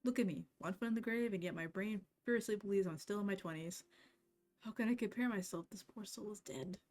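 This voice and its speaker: A woman's voice: mid-range voice, brisk, darkish tone, lightly acted. A woman doing a brash old crone witch. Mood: gruff. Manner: brash, threatening then gruffly apologetic. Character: old female witch necromancer, gruff, blunt. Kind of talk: reading game dialogue aloud.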